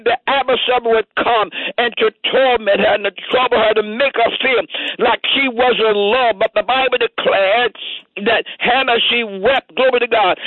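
High-voiced preacher over a tinny line. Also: male voice, no room sound. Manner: fervent, repeats amen between phrases. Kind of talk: sermon. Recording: tinny phone-line sound, dry.

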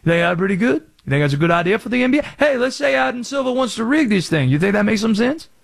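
A man putting on a theatrical Southern sports pundit who sees rigged games everywhere. He drawls and soars up high in pitch, pitching wild theories as a sports talk radio bit. The melody swings widely from line to line. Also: big pitch swings, fast talker, gravelly, no echo, exaggerated voice. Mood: scheming. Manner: drawling, theatrical, rhetorical questions.

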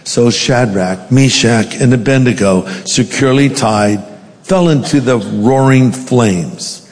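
A man's voice: mid-range voice, takes it slowly, darkish tone, long reverb tail. A male pastor preaching a sermon, reading scripture aloud with dramatic emphasis and then speaking directly to the congregation.

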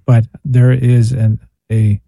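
A priest speaks in an earnest, gently preaching way on the radio, asking rhetorical questions and answering them himself. His mid-pitched voice is very warm and dark. It is recorded dry in a studio. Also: little pitch movement, slow pace, creaky, no echo. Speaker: priest and spiritual director guest. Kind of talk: radio talk reflection.

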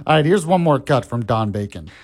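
A man's voice: medium pitch, very animated, a little fast. A man hosting a talk radio show, chatty and laughing often. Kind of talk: casual talk radio chat.

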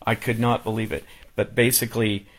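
A man's voice: on the low side, level tone, brisk. A man on a radio talk show, speaking casually with many restarts and fillers, emotional as he recalls a funeral.

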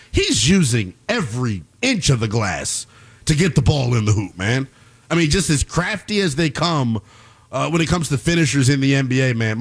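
A man hosting a basketball show, giving emphatic sports commentary that swings between loud outbursts and quick asides. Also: medium pitch.

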